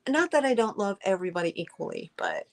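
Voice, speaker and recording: This middle-aged woman talks fast, her mid-range voice swooping wildly in pitch. She's hosting a live-stream sale and gushing to viewers, stumbling through plenty of fillers and false starts.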